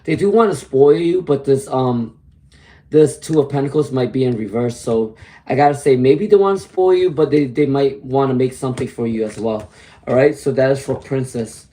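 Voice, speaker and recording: A man with a hoarse voice from laryngitis, giving a chatty live-stream tarot reading and greeting viewers by name. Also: mid-range voice, normal speed, dark tone. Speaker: tarot reader.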